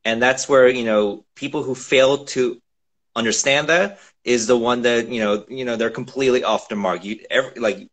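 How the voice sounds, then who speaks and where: A man guest in a casual chat, talking earnestly and lively over a video call. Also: medium pitch, moderate pace. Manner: earnest, lively, mimics others in quotes. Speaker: guest, actor.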